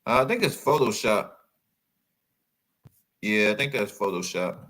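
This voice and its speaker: A man giving casual, animated commentary as he reacts to photos, calling out to his viewers. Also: fairly low pitch, a little slow, rough recording. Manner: animated, exclaiming, addresses viewers as y'all.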